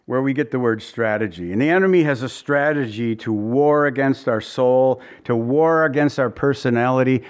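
A man preaching a sermon as pastor, earnest and conversational, pleading at times with his listeners. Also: mid-range voice. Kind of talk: expository sermon.

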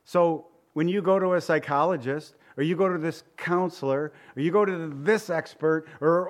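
A middle-aged man delivers a sermon like he's chatting with friends, telling funny stories that turn into lessons. His voice sits a little higher than most men's, and his delivery stays loose and conversational. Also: expressive, normal speed. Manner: conversational preaching with humorous anecdotes. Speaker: pastor.

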